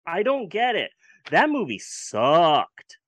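A high-pitched man talks through bad films in a casual, sarcastic way, swearing as he goes. The recording is dry and close, with no room sound. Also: huge pitch swings, takes it slowly, a bit bright, no room sound. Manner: sarcastic, profane. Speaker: podcast co-host reviewing films. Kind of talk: casual chat.

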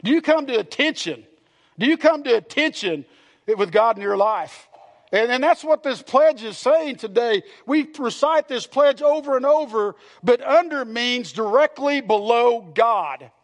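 A man's voice: extremely high pitch, expressive, unhurried. A man, a pastor preaching a sermon to his congregation, earnest and repetitive, asking the room questions. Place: church sanctuary.

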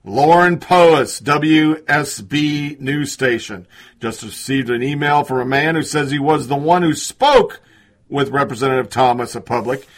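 A man's voice: medium pitch, a little slow. A man hosting a commentary show, reading listener messages and news with a sarcastic edge. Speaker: host.

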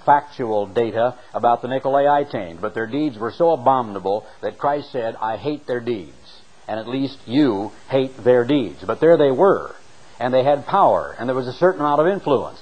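A man preaching a sermon, reading scripture and explaining it with an emphatic, dramatic delivery that slows down for the readings. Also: rough recording. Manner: emphatic, dramatic delivery with sharp swings in pitch and loudness; slows down to read scripture aloud.

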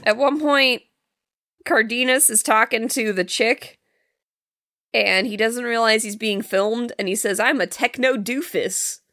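A woman with a bright, higher voice recaps a film she dislikes, blunt and sarcastic and swearing freely. Her voice sounds dry and close, with no room around it. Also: steady tone, unhurried, long pauses, no room sound. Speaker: podcast co-host reviewing a film. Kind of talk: casual critical chat.

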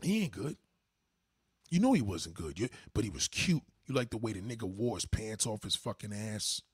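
A man hosting a livestream, delivering a profane, heated rant at his chat and swinging from low mutters to high outbursts. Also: sing-song, moderate pace, slightly rough, no room sound. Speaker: livestream host. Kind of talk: ranting monologue to a live chat.

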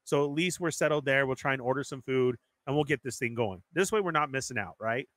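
A man's voice: mid-range voice, fast talker, a bit bright, dry recording. A man in casual conversation, telling a story animatedly and acting out what others said. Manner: acts out other people's lines in quoted voices. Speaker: storyteller in group chat.

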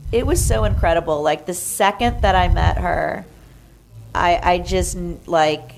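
A woman telling a story in a casual chat, animated, acting out what others said in higher voices. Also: unhurried, vocal fry, noisy background. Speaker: guest.

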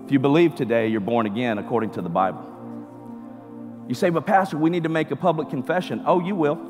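A male pastor delivers a sermon in a mid-pitched voice, climbing into emphatic bursts before dropping back down. The sound carries a long church-hall reverb. Faint music sits behind him. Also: quick pace. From California. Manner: preaching with rising emphatic bursts. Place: church sanctuary.

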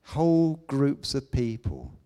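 Slow, expressive preacher. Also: male voice, mid-range voice. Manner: emphatic, rises to loud declamation then drops to asides. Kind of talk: sermon.

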